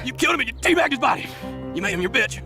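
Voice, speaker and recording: A man voicing a crude, vengeful male alien warrior in a cartoon, gruff and threatening, over loud music. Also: very high voice, sing-song, very fast, full character voice. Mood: menacing. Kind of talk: cartoon voice acting.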